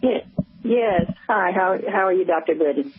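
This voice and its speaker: A woman's voice: fairly low pitch, expressive, moderate pace. Hesitant woman caller on a phone line. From United States. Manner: hesitant, many fillers and restarts. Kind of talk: phone-in call. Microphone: telephone. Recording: thin phone line on radio.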